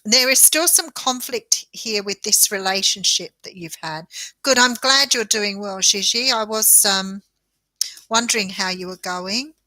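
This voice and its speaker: A woman's voice: medium pitch, a little slow, pushed and bright, no room sound. An Australian woman, a tarot reader, giving chatty and reassuring readings on a live stream with frequent laughter.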